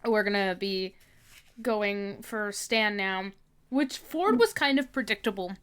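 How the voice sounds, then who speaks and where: A woman's voice: medium pitch, animated, slow pace, fairly bright tone, clean tone. A woman streamer chatting casually on a livestream, rambling and giggling.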